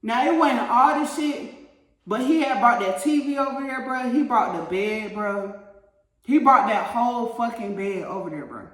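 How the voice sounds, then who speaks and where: A woman telling a story straight to her viewers in a casual, profane and animated way. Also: a little high, normal speed, distant mic. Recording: roomy echo, mic set back.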